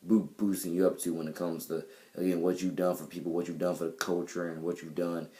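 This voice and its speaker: Very deep, flat-voiced young man rambling. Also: a little fast. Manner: rambling, many fillers and restarts. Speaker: vlogger and musician. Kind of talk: casual spoken video diary. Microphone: camera mic.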